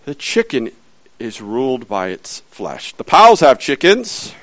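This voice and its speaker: A man preaching a sermon in an animated way, swinging from loud lines to hushed, whispered ones. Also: mid-range voice, measured pace, dry recording, poor audio.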